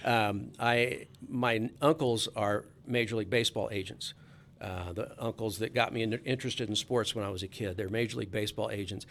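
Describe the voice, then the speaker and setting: A man's voice: fairly low pitch, fairly even intonation, a little fast, a bit bright. Chatty man telling a sports story. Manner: chatty storyteller with frequent restarts. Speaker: sports reporter. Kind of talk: casual anecdote telling.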